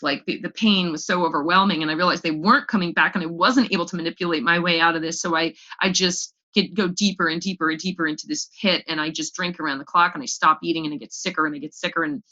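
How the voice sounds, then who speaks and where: A young woman tells her own story of recovery at a meeting, candid and raw, sometimes stumbling over repeated words. Her voice sits slightly low in pitch but has a bright, forceful edge. The recording is dull and lo-fi. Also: fast, few pauses. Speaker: AA speaker sharing her story. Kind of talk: personal recovery testimony.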